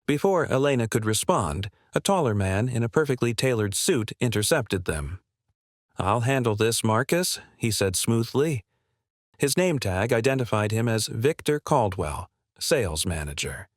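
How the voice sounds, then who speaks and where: A man reading a scripted story in an even, measured way. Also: mid-range voice, no room sound, studio quality. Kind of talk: scripted narration.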